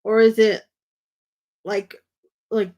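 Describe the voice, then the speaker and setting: A woman's voice: medium pitch, flat delivery, slow, mellow, dull audio. A woman from Texas co-hosting a casual chat, telling chatty stories with a giggle. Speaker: co-host.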